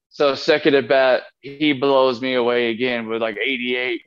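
A man's voice: mid-range voice, normal speed, fairly bright tone, muffled recording. A man as an interview guest, telling a long rambling anecdote and acting out the lines he and others said. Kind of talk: casual storytelling interview.

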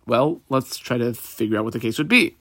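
A man's voice: mid-range voice, a little fast, fairly bright tone, no room sound. Man teaching Talmud, methodical and dry. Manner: reads Hebrew and Aramaic phrases, then translates each in plain talk; methodical, marks punctuation and notes aloud. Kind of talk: line-by-line Talmud study lesson.

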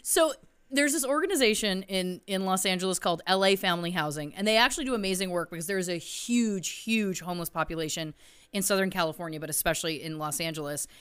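A woman co-hosting a podcast, telling stories in a lively way with playful asides. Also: lowish voice, fast, smooth. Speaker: podcast co-host. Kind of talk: casual chat.

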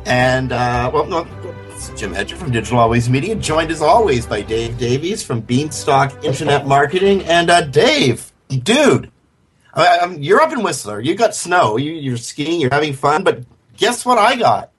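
A man's voice: on the high side, animated, moderate pace, faint music behind. A man co-hosting a web radio show in casual, chatty talk full of fillers and restarts. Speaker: podcast co-host.

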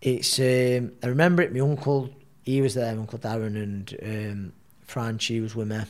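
A man, telling a story at mid pitch. He rambles in an animated way and leans on fillers and restarts. He sounds like a podcast guest. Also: normal speed. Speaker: guest, boxer.

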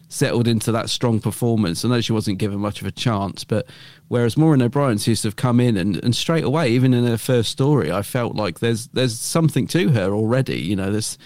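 A man's voice: medium pitch, fairly quick, darkish tone, dry recording. A man co-hosting a podcast, chatting casually and rambling a little, with many fillers and restarts. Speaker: podcast co-host.

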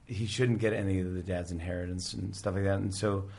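A middle-aged man in casual chat, animatedly retelling sitcom scenes and acting out the characters' lines in quick impressions. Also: low-pitched, fairly even intonation, creaky, darkish tone. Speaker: podcast guest, talk show host.

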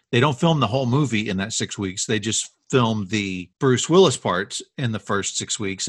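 A man's voice: on the low side, husky, dry recording. A man co-hosting a podcast, casually retelling film history with enthusiasm. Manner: enthusiastic storyteller, animated retellings. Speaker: podcast co-host.

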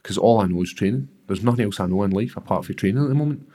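Scottish guy, deep-ish voice, swears loads, does the voices when telling stories. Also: very fast, warm tone. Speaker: UFC fighter, guest. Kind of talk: casual chat.

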